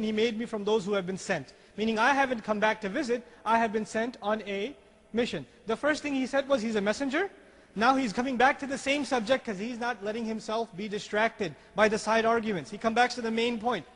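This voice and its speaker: Animated male lecturer in a reverberant hall. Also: very high-pitched, brisk. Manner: animated storyteller, acts out quoted dialogue. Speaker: Islamic speaker. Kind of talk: lecture on Quranic language.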